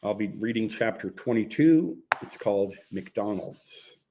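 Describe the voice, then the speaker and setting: A man narrating his own memoir as an audiobook in a plain, low-key manner. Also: expressive, measured pace, background noise. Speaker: author reading his own book.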